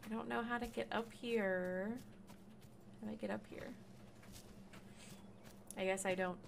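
A woman's voice: medium pitch, fairly even intonation, unhurried, creaky, a little hiss or hum. A woman streamer giving casual commentary as she plays a game, swearing freely and bursting into laughs and shrieks of surprise.

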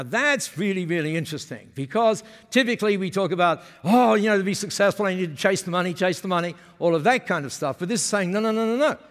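A man giving a lively business seminar talk, often asking the audience questions. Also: a little high. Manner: energetic, asks the audience questions. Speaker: keynote speaker. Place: conference hall. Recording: long hall reverb.

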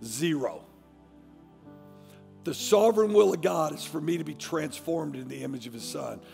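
Gravelly-voiced preacher in a reverberant church. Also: male voice, a little high. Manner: fiery preaching, swinging from hushed to shouting. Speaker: pastor. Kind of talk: sermon. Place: large church sanctuary. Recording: long church-hall reverb, faint music.

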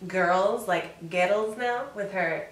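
A young American woman visiting a friend's channel, relaxed and laughing a lot. The room rings and she is a bit away from the mic. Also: fairly low pitch, fairly quick, reverberant, distant mic. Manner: laid-back, laughs often. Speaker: guest. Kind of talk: casual chat.

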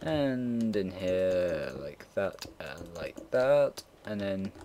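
A man's voice: deep voice, animated, extremely slow, warm tone, a little hiss or hum. A young man in his late teens, casually rambling and swearing while narrating a computer build. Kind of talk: casual gameplay commentary. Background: keyboard typing and mouse clicks.

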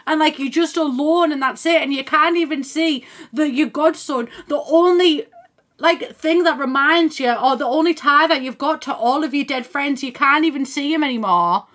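A woman's voice: high voice, a bit bright. Chatty young woman streaming a game. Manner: chatty, thinks aloud, thanks viewers by name; swears casually and laughs often. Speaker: live streamer. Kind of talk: casual gaming stream chat.

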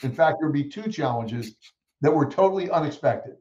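A man telling stories as a guest in an interview, acting out the people he quotes with lively energy. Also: on the high side, fairly quick, roomy sound, highs cut off. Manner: animated storyteller who acts out quoted voices. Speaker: guest speaker. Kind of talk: storytelling in a podcast interview.

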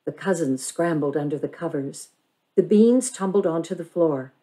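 A woman reads a children's novel aloud, her voice lower than most and soft, warm and mellow. She paces the story carefully and gives it expression. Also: moderate pace, poor audio. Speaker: reader.

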